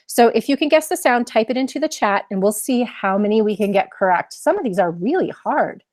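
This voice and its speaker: A woman's voice: fairly high pitch, expressive, fairly quick, a little mellow, no echo, studio quality. A woman leading a live online mindfulness lesson for children, encouraging them and asking many questions. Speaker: mindfulness teacher.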